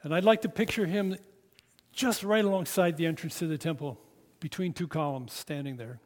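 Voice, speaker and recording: A man preaching a sermon, telling the story slowly and dramatically in a reverberant church hall. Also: on the high side. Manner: dramatic storytelling, slow and emphatic.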